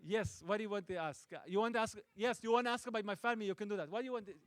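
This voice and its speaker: A middle-aged Israeli man, a native Hebrew speaker and film director, answering audience questions with playful, deadpan jokes and frequent restarts. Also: high voice, very fast, clean tone, dry recording. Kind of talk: joking audience Q&A. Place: stage at a film festival event.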